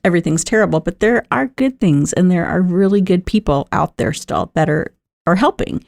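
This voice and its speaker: Middle-aged lady, lowish voice, chatty and candid, lots of "like" and "you know". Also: creaky, darkish tone. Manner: candid, conversational, laughs often, many fillers. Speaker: talk host. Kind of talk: personal talk on positive mindset.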